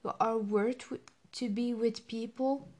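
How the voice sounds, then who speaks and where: A young woman hosting a podcast, talking through a personal reflective monologue in an emotional, halting way with many fillers and restarts. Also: a little high, fairly even intonation, a little mellow. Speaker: podcast host.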